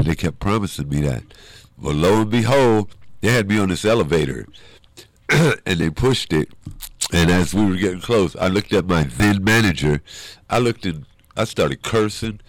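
A man's voice: low voice, moderate pace, pauses often, dry recording. A man, a guest in an interview, telling a personal story and acting out the voices of the people in it. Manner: animated storyteller who acts out quoted voices.

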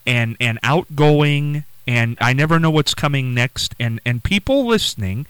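Lively-voiced radio host, man. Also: medium pitch, unhurried, clear, resonant tone, dry recording, poor audio. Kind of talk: casual radio interview.

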